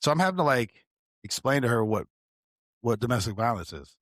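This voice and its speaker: A man's voice: medium pitch, a little fast, no echo, studio quality. A man co-hosting a podcast, casually telling a work story with a lot of "bro" and swearing. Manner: animated, swearing, calls the listener bro. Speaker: podcast co-host, sheriff's deputy.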